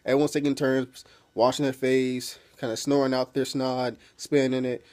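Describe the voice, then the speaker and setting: A man's voice: medium pitch, flat delivery, normal speed, darkish tone. A man casually recapping a TV episode as a reviewer, rambling with many fillers and swearing freely.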